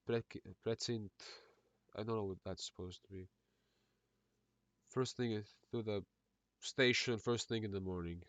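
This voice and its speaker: A man's voice: fairly low pitch, a little slow, pauses often, fairly bright tone, no room sound. Man with an Eastern European accent reading a script. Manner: reads all parts in one voice, stumbling over words and adding asides. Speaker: script reader. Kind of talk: comedic script read-through.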